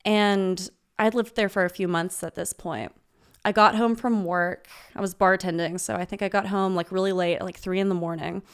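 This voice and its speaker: A young woman in her twenties sits in as a podcast guest and tells a story in a casual, animated way. She swears freely and laughs along with herself. Her pitch sits in the middle range for a woman. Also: normal speed, smooth.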